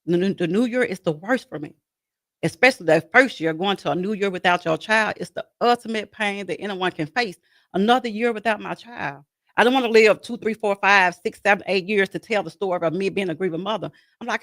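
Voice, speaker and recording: A woman's voice: mid-range voice, fairly quick, a bit bright, no echo. A woman speaking as a guest in an interview about her life as a grieving mother, talking earnestly and repeating herself as she voices her own inner dialogue. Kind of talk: interview conversation.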